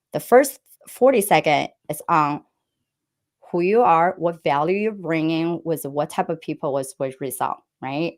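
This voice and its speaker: A woman giving earnest business advice as an interview guest, often checking in with "right?". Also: sits low. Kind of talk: interview answers.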